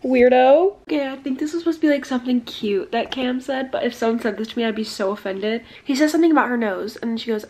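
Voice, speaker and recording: A woman's voice: a little high, fast, few pauses, darkish tone. A young woman in her twenties chatting casually about books as a vlogger, peppering her talk with "like" and reading passages aloud. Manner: chatty, frequent "like", laughing asides, reads passages aloud. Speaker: book vlogger. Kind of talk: casual vlog chat.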